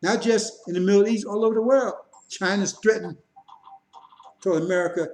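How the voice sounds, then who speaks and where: A man's voice: high-pitched, fairly even intonation, normal speed, a little mellow, slight background noise, rough recording. A man giving a mocking, emphatic religious critique monologue. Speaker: religious commentator.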